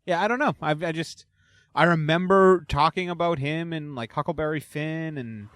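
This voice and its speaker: A man's voice: a little high, moderate pace, fairly bright tone, smooth, no echo. Hesitant man in casual chat. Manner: hesitant, trailing off.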